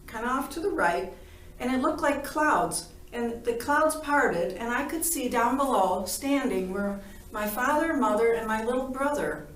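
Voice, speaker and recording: A woman's voice: a little high, fairly bright tone. A woman telling her near-death story in a playful way, laughing often and acting out the conversations. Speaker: near-death experience witness. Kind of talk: animated personal storytelling. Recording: roomy, from a distance.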